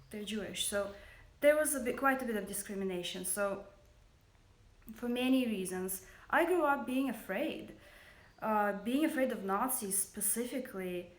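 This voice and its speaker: A woman in her thirties with a Russian accent, a business founder speaking earnestly and hesitantly in a personal livestream, with many fillers. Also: mid-range voice. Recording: roomy echo.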